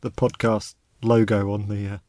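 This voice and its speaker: A man hosting a podcast, talking in a relaxed, chatty way with small restarts. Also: lowish voice, normal speed, dry recording, clean studio sound. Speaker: podcast host. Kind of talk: casual podcast chat.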